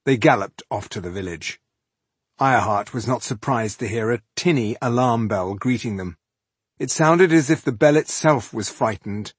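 A man reads a fantasy audiobook in a measured, expressive way. His voice is husky and moves a lot in pitch. The recording is dry and close, with no room sound. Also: dry recording. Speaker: narrator. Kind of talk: audiobook narration.

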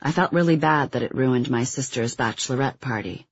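Man reading true crime, husky and dry. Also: medium pitch, no echo, muffled recording. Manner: even, measured reading; quotes read with little acting. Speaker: audiobook narrator. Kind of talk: scripted nonfiction narration.

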